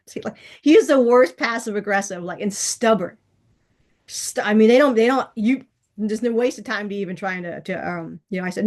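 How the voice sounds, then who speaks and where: A middle-aged woman hosts her own vlog channel, chatting casually and rambling with frequent restarts and laughs. She has a medium-pitched voice and talks fairly quickly.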